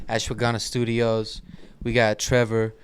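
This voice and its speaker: A man's voice: mid-range voice, monotone, measured pace, slight background noise. A man co-hosting a casual podcast, talking in loose, slangy banter. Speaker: podcast host. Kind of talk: casual chat.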